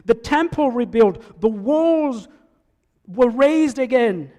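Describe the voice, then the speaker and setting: A man preaching a sermon in a church, animated, swinging between loud calls and soft asides. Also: very high voice, takes it slowly. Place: church sanctuary. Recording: echoey church hall.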